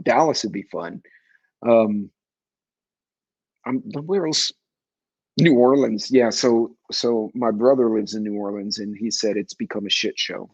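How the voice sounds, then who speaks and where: A man's voice: medium pitch, a little mellow, breathy edge, dry recording, lo-fi sound. A man in his forties from New York City, hosting a casual livestream talk show and rambling as he answers viewer chat.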